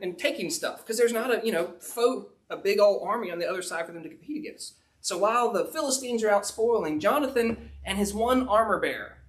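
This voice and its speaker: Brief: pastor, man, high voice, casual storyteller in the pulpit. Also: fairly bright tone. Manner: folksy storytelling with frequent fillers. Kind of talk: sermon, retelling a Bible story.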